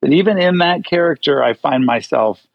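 Drag queen guy being interviewed, theatrical and lively, totally dry sound. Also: a little high, moderate pace, creaky, no room sound, muffled recording. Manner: animated, theatrical. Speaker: guest, drag performer. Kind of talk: casual interview chat.

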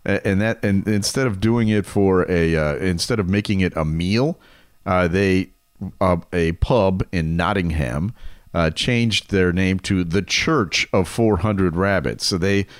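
A man's voice: low-pitched, measured pace, no room sound, studio quality. A man co-hosting a podcast, chatting casually and joking with a laugh. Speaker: podcast co-host. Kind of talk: casual chat.

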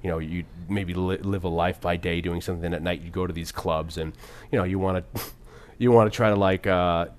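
A man's voice: sits low, steady tone, normal speed. A man casually talking about a film as podcast co-host, rambling with frequent laughs and swearing. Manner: rambling, profane, laughs often.

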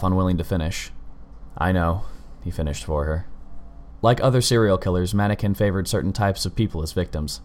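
Deep guy reading a story out, steady measured pace. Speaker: narrator. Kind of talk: scripted narration of a story.

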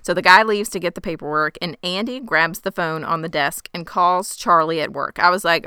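A woman with a crisp, bright, slightly low voice chats through a TV recap with wry asides. She is recorded dry and close, with no room sound. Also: moderate pace, few pauses, dry recording. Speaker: podcast co-host. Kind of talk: casual chat.

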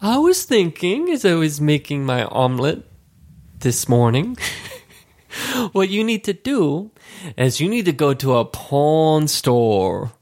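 A man imitating a chatty middle-aged woman coworker, speaking in a slow, matter-of-fact way. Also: on the high side, big pitch swings, darkish tone, full character voice. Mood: earnest.

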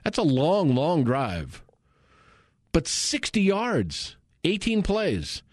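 A man's voice: a little high, wildly swooping pitch, takes it slowly, a little mellow, no room sound, studio quality. A man hosting live sports radio, chatty and enthusiastic, with many fillers. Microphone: studio microphone.

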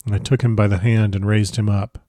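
A man narrating a classic novel as an audiobook, with a measured, expressive reading. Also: on the low side, no room sound, studio quality.

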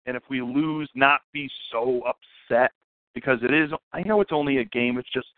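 A man's voice: medium pitch, normal speed, no echo. A man co-hosting a casual sports podcast, earnest and self-deprecating, stammering as he starts his thoughts. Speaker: podcast co-host. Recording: dry, phone-like lo-fi audio.

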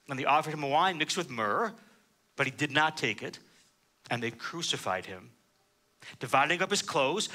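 Reading passages aloud and unpacking them one verse at a time, a male pastor delivers a sermon with frequent "uh" fillers. His tone is bright and forceful, his pitch leaning high.

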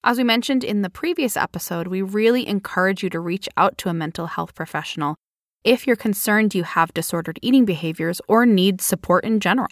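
A woman co-hosting a casual podcast, playful and quick to laugh. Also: mid-range voice, dry recording, clean studio sound. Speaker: podcast co-host.

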